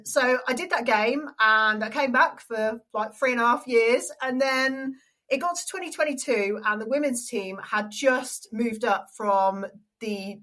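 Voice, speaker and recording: Bright animated English woman telling a story. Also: fairly high pitch, poor audio. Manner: animated storyteller, acts out quoted voices. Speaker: stadium announcer and radio presenter. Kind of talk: storytelling interview.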